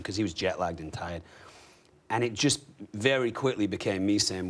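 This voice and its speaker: A man's voice: on the low side, moderate pace. A man from England, an actor chatting as a guest, rambling with lots of you know and like. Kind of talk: casual chat.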